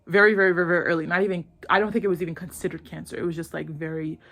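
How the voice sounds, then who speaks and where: Young woman host, casual chat, slangy and animated storyteller. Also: lowish voice, racing. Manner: animated, slangy, with many "like"s, acting out characters' lines. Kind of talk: casual chat retelling a drama plot.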